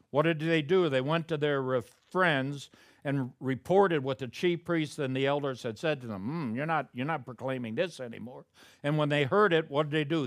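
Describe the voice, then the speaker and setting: Pastor preaching in a dry close sound. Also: male voice, mid-range voice, no echo. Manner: conversational preaching, rising to loud emphatic peaks. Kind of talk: sermon.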